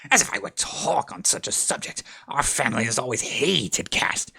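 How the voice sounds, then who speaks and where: A man voicing a touchy, proud little mouse who speaks indignantly, sometimes low and trembling. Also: expressive, moderate pace, creaky, bright, forceful tone, breathy edge, heavily acted. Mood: disgusted. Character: touchy small mouse, proud and easily offended.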